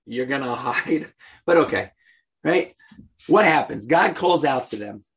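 A man's voice: mid-range voice, animated, measured pace, a bit bright, husky. A man teaching an informal Bible class, joking and talking to the group directly. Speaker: Torah teacher.

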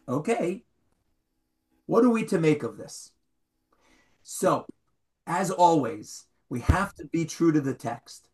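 Brief: male Bible teacher, lively rising and falling delivery, quizzes his class. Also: high voice, takes it slowly. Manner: animated, questions the students, reads Hebrew aloud. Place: classroom with a small group.

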